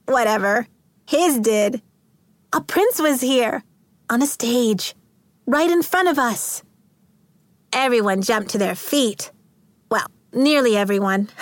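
A woman narrating a first-person novel in an animated, wide-eyed reading voice. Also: a little high, no room sound. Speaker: audiobook narrator.

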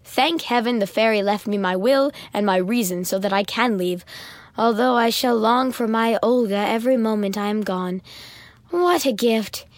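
A sorrowful, dignified father in a storybook, speaking slowly and formally with a high voice pitched a little lower, as a woman reads him. The recording is close and dry, with no room sound around it. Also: no echo, natural voice. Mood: sad, formal. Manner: slow, measured, formal speech. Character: grave aristocratic father, middle-aged man, melancholy.

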